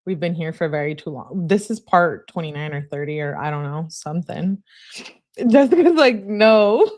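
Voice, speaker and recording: Blunt chatty woman with a lowish voice. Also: steady tone, fairly quick, a little mellow. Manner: blunt and chatty, talking to live chat. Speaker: true crime channel host. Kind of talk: casual commentary, reading text messages aloud.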